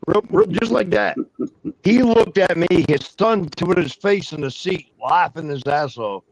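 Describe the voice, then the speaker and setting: A man's voice: high voice, lively intonation, a little slow, dry recording, low-quality recording. Profane, rambling man telling a story. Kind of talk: casual storytelling.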